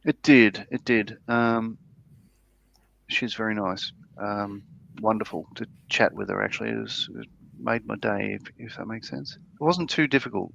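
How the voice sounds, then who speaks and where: Gravelly Australian man, rambling chat. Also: lowish voice, unhurried, a bit bright, lo-fi sound, slight background noise. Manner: rambling, many fillers and restarts. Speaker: livestream co-host. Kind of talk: casual chat, reading viewer comments.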